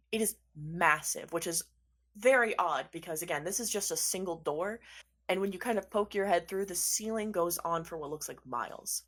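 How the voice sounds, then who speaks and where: A woman's voice: fairly low pitch, a bit bright. Woman narrating as game master.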